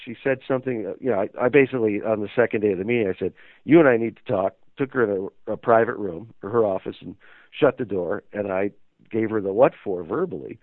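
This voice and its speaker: A man's voice: lowish voice, quick pace, no echo. Rambling man on a tinny phone line. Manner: rambling, hesitant with many fillers. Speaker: interview guest, magazine owner. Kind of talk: casual storytelling interview.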